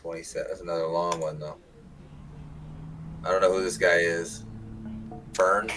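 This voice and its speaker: A man's voice: low voice, flat delivery, unhurried, low-quality recording. A man streaming, casually reacting to videos, exclaiming and swearing as he goes. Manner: profane, exclaiming, joking. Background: hip hop music from a video.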